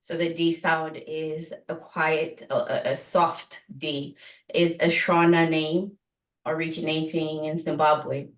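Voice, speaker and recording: A woman author guest on a video call, answering slowly and carefully. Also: deep voice, level tone. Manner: slow, careful explaining. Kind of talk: interview answers. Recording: roomy sound, distant from mic.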